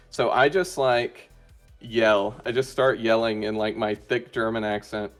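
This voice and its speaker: A man of middle pitch chatting as an interview guest. He hesitates constantly, piling up ums, uhs and restarts as he goes. Faint music plays behind him. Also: fairly even intonation, measured pace. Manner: hesitant, many fillers and restarts. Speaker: interview guest, roleplay player. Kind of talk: casual chat.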